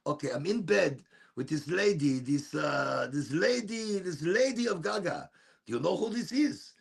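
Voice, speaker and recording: A man voicing his excited older mother, gushing in broken English phrasing. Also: on the high side, normal speed, vocal fry, husky, heavily acted.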